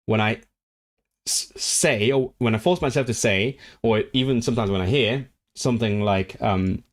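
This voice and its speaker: A man's voice: on the low side, normal speed. A man casually talking to his live-stream viewers, rambling with frequent restarts and fillers. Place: living in the North of England.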